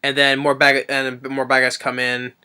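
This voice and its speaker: In a mid-range, smooth voice with a sharp tone and completely flat delivery at normal speed, a man reviews a movie. He rambles through the plot casually and enthusiastically, occasionally performing quotes from the characters.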